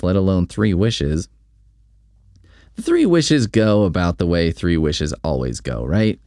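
A man's voice: medium pitch, a little mellow, dry recording. A man giving a casual, sarcastic spoken book review, dry in his commentary.

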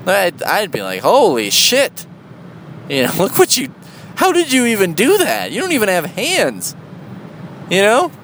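Guy doing sarcastic standup, swears a lot, voice jumps all over, slightly high. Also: a bit bright, slight background noise, rough recording. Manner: sarcastic, mocking, profane. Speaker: comedian. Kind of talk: stand-up comedy.

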